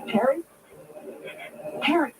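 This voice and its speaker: An actress playing a frightened woman stranded on a dark road, stammering and panicky, in an old radio drama with a noisy recording. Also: sits high, slow. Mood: reproachful.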